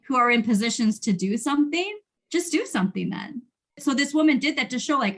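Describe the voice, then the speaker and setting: A woman's voice: high-pitched, a little fast. A woman co-hosting a podcast in casual chat, telling stories and acting out quotes with animation. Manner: animated storytelling, acts out quotes. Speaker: podcast co-host.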